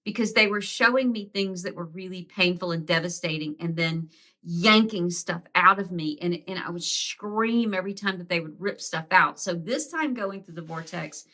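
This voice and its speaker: A woman's voice: fairly low pitch, moderate pace, bright, forceful tone. A woman vlogger telling a personal story in a candid, conversational way, casually swearing and acting out what she said at the time. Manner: reenacts her own quoted words.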